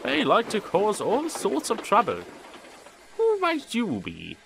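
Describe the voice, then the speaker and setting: A man's voice: sits high, very animated, normal speed, vocal fry, background noise, pitched above the performer's own voice, exaggerated voice. Edward, a man doing a kind older steam engine. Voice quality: gentle, reassuring.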